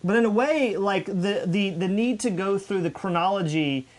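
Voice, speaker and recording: A man co-hosting a podcast chats casually and animatedly, swearing freely. His voice sits high and moves at normal speed.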